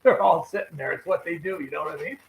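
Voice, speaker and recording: A man's voice: a little high, fast, gravelly, reverberant, rough recording. A man, a regular guest on a live fishing show, telling rambling anecdotes full of quoted dialogue. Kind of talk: casual storytelling chat.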